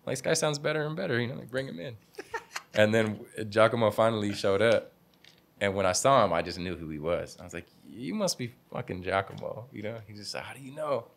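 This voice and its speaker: A man's voice: on the low side, fairly quick, vocal fry. A young man who owns a barbershop, telling stories in a casual interview in a laid-back, slangy way, laughing often and acting out what people said. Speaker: barbershop owner, guest.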